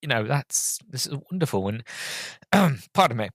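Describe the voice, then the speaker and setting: Male podcast host, mid-pitched, heartfelt rambling review, dry sound. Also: big pitch swings, moderate pace, a bit bright, no echo. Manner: earnest, heartfelt and rambling, with many restarts. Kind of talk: casual film review.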